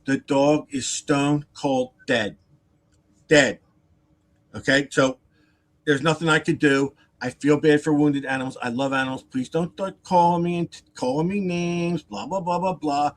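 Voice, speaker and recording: A man's voice: fairly high pitch, a little slow. A man casually telling a long, rambling story on a live stream. He repeats himself, adds asides and acts out other people's lines. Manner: animated and rambling, with repeated words, asides and laughter.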